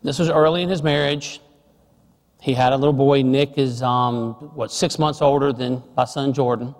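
A middle-aged man preaching a sermon, telling a family story and dropping soft and slow on serious points. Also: medium pitch, fairly even intonation, in a large hall.

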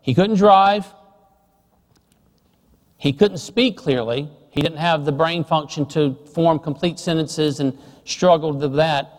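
A middle-aged man with a slightly high voice preaches a sermon, telling a family story and dropping to a soft, slow delivery on serious points. His voice trails off into a long reverb tail.

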